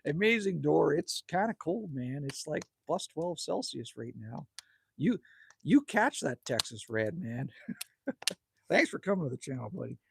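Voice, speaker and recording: Sitting by a campfire outside his cabin, this Canadian livestream host in his fifties reads out viewer comments and jokes crudely with chat. His voice sits fairly high and has a sing-song, gravelly quality at a measured pace, and the recording carries a little hiss or hum.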